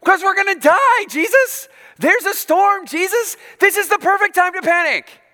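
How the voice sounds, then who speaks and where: Frantic male disciple in a storm, shrill and pleading as a preacher puts him on; very high and loud, with long hall reverb. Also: moderate pace. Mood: panicked.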